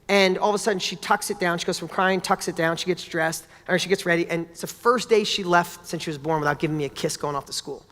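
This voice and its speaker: A man giving a motivational talk, telling a personal story in an energetic, animated way with casual swearing. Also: high voice. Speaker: motivational speaker. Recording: long hall reverb.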